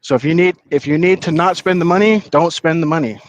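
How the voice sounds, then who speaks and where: Slightly high-voiced male caller. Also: fast talker, no echo, low-quality recording. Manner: casual, profane, explains practically. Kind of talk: casual chat.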